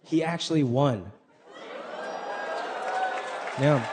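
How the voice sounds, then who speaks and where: A man performing an animated stand-up set, switching in and out of impressions of the people in his stories. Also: mid-range voice, drawn-out words. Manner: animated, shifts between impressions. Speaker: stand-up comedian. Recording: live club set with crowd laughter and noise.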